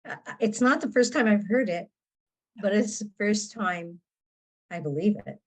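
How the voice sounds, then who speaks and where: A middle-aged woman sharing personal struggles in a group talk, earnest and halting, swearing bluntly. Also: mid-range voice, lively intonation, poor audio. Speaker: guest participant.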